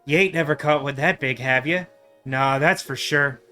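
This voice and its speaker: A man voicing a rude, grumpy male motel manager from a pixel-art adventure game, with gruff, slangy, sarcastic talk. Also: mid-range voice, moderate pace, bright, forceful tone, faint music behind, close to an everyday voice. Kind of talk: let's play voicing of game text.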